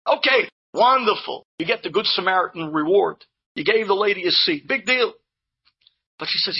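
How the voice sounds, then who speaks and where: Storyteller, male, husky midrange voice, animated, muffled lo-fi recording. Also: high voice, moderate pace. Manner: animated storyteller, mixes in Hebrew and Yiddish terms. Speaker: Torah speaker telling inspirational stories. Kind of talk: storytelling talk to a live audience.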